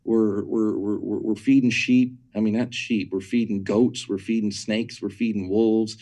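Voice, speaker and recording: Low, mellow-voiced man teaching emphatically. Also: flat delivery, unhurried. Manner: emphatic, repeats words when building a point; asks listeners rhetorical questions. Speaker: guest speaker on church matters. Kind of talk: conversational teaching in an interview.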